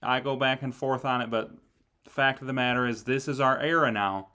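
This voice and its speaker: A man co-hosting a sports talk show, speaking in a relaxed conversational way with frequent filler words. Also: medium pitch, a little fast, smooth. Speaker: sports podcast co-host.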